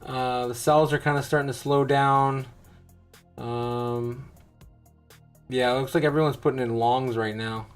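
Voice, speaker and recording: A man's voice: medium pitch, steady tone, measured pace, long pauses, clean tone, soft background music. A man hosting a show, giving rambling, wry, casual live commentary as he reacts to charts. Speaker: crypto show host.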